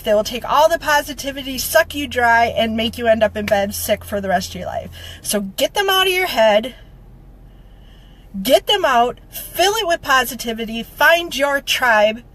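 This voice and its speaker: Woman vlogger, slightly high voice, emotional and rallying, repeats her lines for emphasis, close to tears. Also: fairly bright tone, low-quality recording. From Minnesota. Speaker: motivational vlogger. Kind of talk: heartfelt direct-to-camera update.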